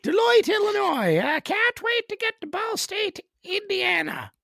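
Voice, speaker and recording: A shrill rural Newfoundland local. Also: male voice, big pitch swings, a little slow, creaky, pushed and bright, dry recording, studio quality, exaggerated voice. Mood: boisterous. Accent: Newfoundland mixed with Ottawa Valley. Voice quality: shrill, hollering falsetto.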